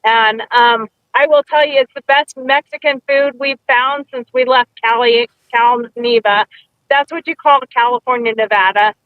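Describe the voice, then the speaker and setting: Chatty woman co-host, high voice, dry dull sound, tells stories with quoted bits. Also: moderate pace, few pauses, dry recording. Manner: chatty storyteller, acts out quotes. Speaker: podcast co-host. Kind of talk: casual chat.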